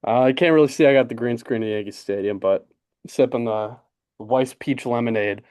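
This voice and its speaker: A young man in his twenties co-hosting a casual sports podcast, excited and rambling with lots of fillers. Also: mid-range voice, fairly quick, clear, resonant tone, no room sound, studio quality. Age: 20s. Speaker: podcast co-host. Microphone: desk podcast mic.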